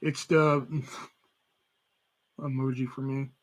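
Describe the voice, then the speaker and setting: A man's voice: medium pitch, level tone, slow pace. A young man, chatting casually and swearing freely on a live stream while reading chat messages aloud. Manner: profane, rambling, reads chat aloud. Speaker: livestream host.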